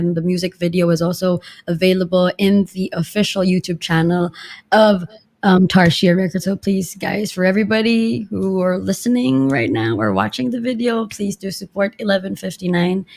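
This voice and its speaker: A young woman singer from the Philippines, talking bubbly and warmly in a podcast interview over the internet, laughing often. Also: on the low side. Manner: bubbly, laughs often, rushes through thanks. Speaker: singer guest.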